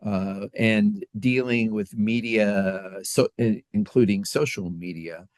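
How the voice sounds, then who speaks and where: Low-voiced man, halting podcast co-host. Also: dry recording. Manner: halting, filler-heavy delivery. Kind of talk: casual chat.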